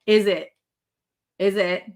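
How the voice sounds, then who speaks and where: A woman's voice: medium pitch, steady tone, slow. A woman hosting a casual live chat, telling stories and laughing often. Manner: chatty, laughing, storytelling. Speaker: live stream host.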